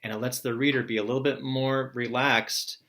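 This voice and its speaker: A male teacher giving his students a recorded morning message, relaxed and encouraging, explaining things step by step. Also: medium pitch, a little fast.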